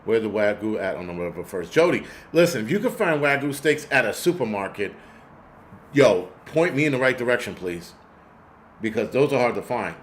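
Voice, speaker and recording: A man's voice: lowish voice, big pitch swings, moderate pace, slight background noise. Profane rambling male livestream host. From United States. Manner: rambling, profane storytelling, answers chat comments. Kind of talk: casual livestream chat.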